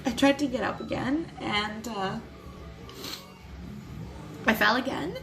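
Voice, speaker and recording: A young adult woman telling a personal story to camera in a vlog, candid and quick to swear, with nervous little laughs. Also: a little high, over music, low-quality recording. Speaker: vlogger.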